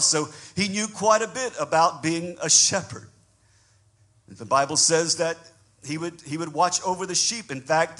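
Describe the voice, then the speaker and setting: Husky-voiced man preaching a sermon. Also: fairly high pitch. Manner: preaching with call-and-response, swelling from soft musing to loud emphatic declarations. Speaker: pastor.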